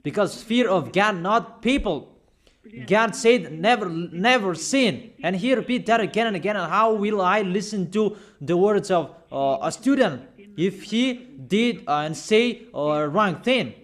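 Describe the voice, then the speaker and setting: Insistent high-voiced male preacher. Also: lively intonation, a little slow. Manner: insistent, repetitive preaching, warning listeners. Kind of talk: sermon.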